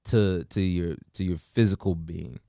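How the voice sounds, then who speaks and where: A man's voice: low voice, measured pace, gravelly, dry recording, studio quality. A man with an American accent hosting a morning show, talking casually and acting out what others say, with many restarts. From United States. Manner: animated, acts out quotes, many restarts. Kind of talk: casual conversation.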